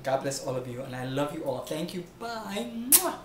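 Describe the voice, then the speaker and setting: A man's voice: a little high, sing-song, moderate pace, echoey room, a little hiss or hum. A man voicing a flamboyant drag diva who hosts a home cooking show, theatrical and gushing, calling everyone honey and darling. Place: home kitchen.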